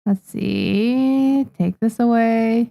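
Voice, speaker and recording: Her voice is on the high side, very slow, and warm with vocal fry. A young adult woman who makes manga, she chats casually on a livestream at her desk microphone, thanking viewers and saying um often, in a dry recording.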